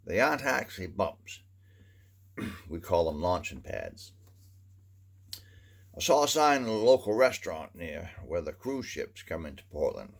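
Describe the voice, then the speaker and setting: An older man with a Maine accent delivering a folksy comic monologue, unhurried and dry, with wry humor. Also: low-pitched, vocal fry.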